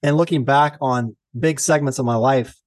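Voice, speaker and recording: A man co-hosting a podcast in casual chat, an animated storyteller who swears freely. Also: medium pitch, normal speed, no echo. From Texas. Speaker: podcast co-host.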